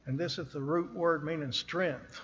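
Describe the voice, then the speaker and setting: A man preaching a sermon from a church pulpit, speaking slowly and earnestly and pressing hard on the scripture he reads. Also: on the high side, fairly bright tone, long reverb tail, lo-fi sound, slight background noise. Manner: earnest, slow and emphatic, rising on scripture.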